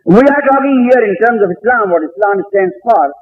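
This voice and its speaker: An older man delivers a religious lecture in earnest, emphatic tones, pausing and restarting as he retells a debate. His voice sits a little high for a man. The recording is muffled and lo-fi, like a 1970s lecture tape. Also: lively intonation, slight background noise. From South Asia. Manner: earnest, emphatic, recounts dialogue with pauses and restarts. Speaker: Islamic scholar lecturer.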